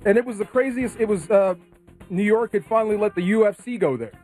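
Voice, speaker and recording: A man co-hosting a sports radio show, telling stories in an excitable, animated way. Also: high voice, quick pace, faint music behind. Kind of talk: casual sports talk.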